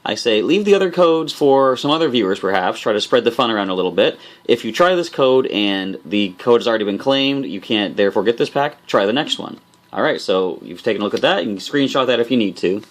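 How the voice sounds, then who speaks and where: Upbeat man opening card packs. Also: medium pitch. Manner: upbeat, chatty, addresses viewers directly. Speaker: host of a card game channel. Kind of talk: casual booster pack opening commentary.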